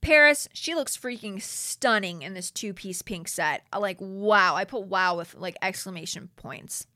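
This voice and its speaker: A young woman hosting a casual reality TV recap, animated and slangy as she reads from her notes. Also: mid-range voice, unhurried, dry recording, studio quality.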